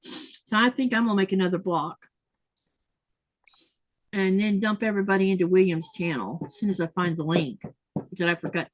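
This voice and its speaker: A woman's voice: lowish voice, normal speed, pauses often. A woman hosting a casual sewing livestream, chatting and laughing often as she reads viewer comments aloud. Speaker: livestream host.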